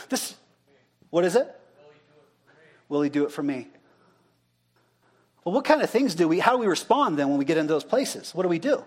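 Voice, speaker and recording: High-voiced man preaching a chatty sermon. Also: very animated, moderate pace, pauses often, husky. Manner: conversational, asks the congregation questions and repeats their answers. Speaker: pastor. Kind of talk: interactive sermon.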